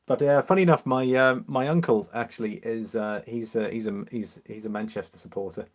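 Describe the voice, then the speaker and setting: A man from Liverpool with a mixed English accent, mildly Liverpool, hosting a relaxed, casual live-stream chat and answering viewers. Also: mid-range voice, a little fast. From Liverpool, England. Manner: chatty, relaxed, reads out viewer comments with easy laughs.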